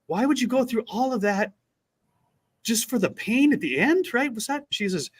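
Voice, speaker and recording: A man co-hosting a casual chat, retelling a story with lively acted-out quotes. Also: high voice, moderate pace. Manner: animated retelling, acts out quotes. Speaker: podcast co-host.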